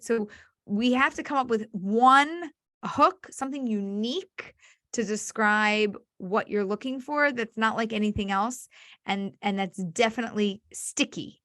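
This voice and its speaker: A woman's voice: a little high, dry recording, studio quality. A woman matchmaker and dating coach giving advice in an online workshop, telling stories and acting out her clients. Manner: animated storyteller who acts out clients' voices.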